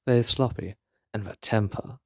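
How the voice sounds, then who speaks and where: Man doing a smug woman assassin, critical and cocky, deep dry voice. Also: a little slow, darkish tone, dry recording.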